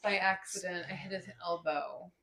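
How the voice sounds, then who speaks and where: A woman's voice: lowish voice, steady tone, normal speed, bright, forceful tone. A woman hosting a casual chat, giggling often and prompting her guest. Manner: giggly, encouraging interviewer. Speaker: podcast host.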